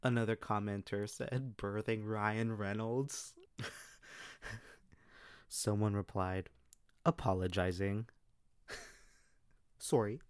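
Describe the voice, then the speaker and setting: Casual male podcast host, low voice, dry close sound, giggly reactions. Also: steady tone, slow, pauses often, smooth, no echo. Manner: chatty, laughs often between comments.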